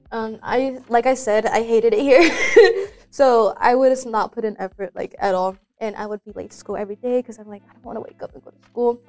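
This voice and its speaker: A woman's voice: medium pitch, a little mellow. A young woman hosting a casual student interview at school, chatty and giggly, with many filler words. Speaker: student show host.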